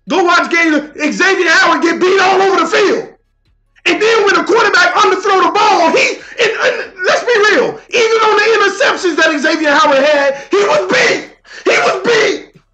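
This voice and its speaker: High, fired-up man ranting. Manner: animated, shouting, laughing, talks to chat. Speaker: livestream sports talk host. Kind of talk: heated casual livestream rant. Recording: echoey room with faint music.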